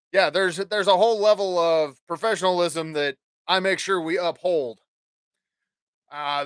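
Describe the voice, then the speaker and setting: A man's voice: high-pitched, fairly bright tone, clean tone, no room sound, clean studio sound. A man hosting his own podcast, rambling casually with plenty of swearing and jokes. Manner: profane, rambling, jokey. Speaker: podcast host.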